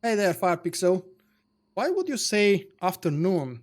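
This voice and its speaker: A man with a slightly high voice chats casually while he plays a game live. He greets viewers by name and answers their messages easily. He speaks English as a second language. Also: very animated, a little slow. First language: not English. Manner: chatty, answers viewers by name, with small fillers. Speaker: livestream gamer reading chat. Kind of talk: casual live-stream chat over gameplay.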